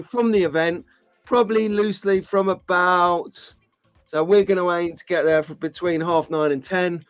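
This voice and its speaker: A man's voice: on the high side, smooth, dry recording, highs cut off. A man hosting a live stream, chatting casually and jokily with viewers in the chat. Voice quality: chatty, jokey, rambling. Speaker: host of a live slot car stream.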